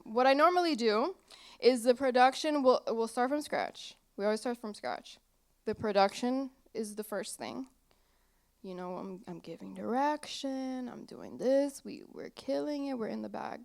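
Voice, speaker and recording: Young woman, singer guest, chatty and giggly, slightly high voice, stage interview in a small theater. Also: vocal fry, smooth. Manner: chatty, giggly, loses her train of thought.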